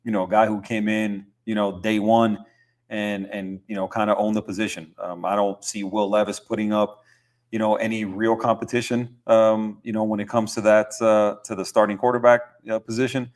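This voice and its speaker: A young man hosting a podcast, talking football in a relaxed, rambling way with lots of fillers and easy laughs. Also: lowish voice, normal speed. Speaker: podcast host. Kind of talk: casual sports chat.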